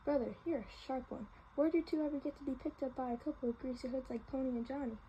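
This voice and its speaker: A woman's voice: high-pitched, fairly even intonation, fast talker, warm tone, lo-fi sound, slight background noise, lightly acted. A woman voicing a cocky, wisecracking teenage boy from a street gang, in a joking, cheerful manner while reading a novel aloud.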